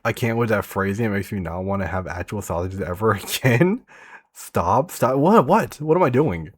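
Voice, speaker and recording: A man's voice: fairly low pitch, animated, moderate pace. A man streaming, chatting casually with his viewers in a laid-back way, swearing freely. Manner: laid-back, swears a lot, addresses chat directly. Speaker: streamer reacting to a video.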